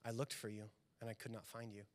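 A man voicing a gentle, forgiving Jesus who calls a wanderer home, speaking softly and tenderly. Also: mid-range voice, little pitch movement, fast, voice pushed down, natural voice. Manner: soft, hushed and tender.

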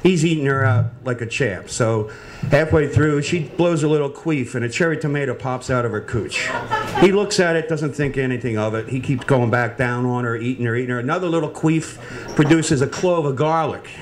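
A man's voice: mid-range voice, brisk. A man, a chef, telling a crude story joke and teasing the audience. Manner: cocky, teasing the crowd. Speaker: chef and comedian contestant.

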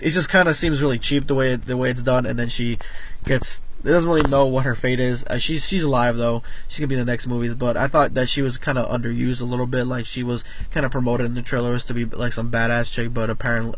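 A man giving a casual, rambling film review, full of fillers, restarts and swearing. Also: medium pitch. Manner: rambling, filler-heavy, profane. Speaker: movie reviewer. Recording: tinny phone-like audio with faint music.

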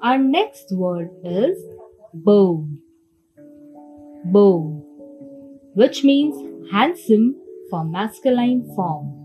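Brief: woman language teacher, deliberate classroom delivery, lively intonation, soft music bed. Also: fairly high pitch, low-quality recording. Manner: slow and deliberate, spells letter by letter. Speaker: French teacher. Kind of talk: slow classroom lesson, spelling words aloud.

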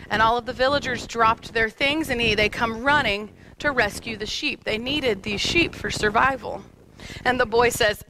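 A woman's voice: sits high, normal speed, bright, forceful tone, a little hiss or hum, poor audio. A woman pastor in her thirties preaching a sermon in a church, telling stories with light humor and speaking directly to the kids. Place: church sanctuary.

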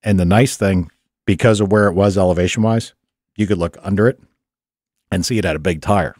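A man tells a long story in a relaxed, profane way. His voice sits fairly low and sounds close and dry, with no room around it. He talks like a podcast regular swapping car stories. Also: fairly quick, dry recording. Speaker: podcast host. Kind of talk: casual chat. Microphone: studio mic.

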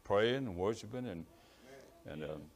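Cajun male preacher, strong low voice, rambling and apologetic delivery. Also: lively intonation, measured pace. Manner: rambling, self-apologetic, stumbles over words. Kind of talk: sermon. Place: church in East Texas.

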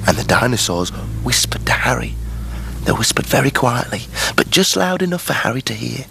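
A man's voice: mid-range voice, sing-song, fairly quick, gravelly, sharp tone, breathy edge, full character voice. A British man playing a cheery grown-up character on a children's TV show, chatty and chuckling as he tells a story.

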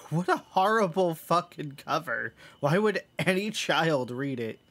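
A gaming streamer giving casual, chatty commentary while playing a horror game, self-mocking and quick to laugh. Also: mid-range voice, animated, fairly bright tone. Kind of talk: casual let's-play commentary.

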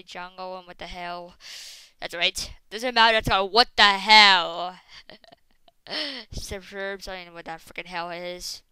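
A woman giving casual gameplay commentary, rambling with many fillers and breaking into excited shrieks and exclamations. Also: mid-range voice, clean tone, no echo, rough recording. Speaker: gaming video host.

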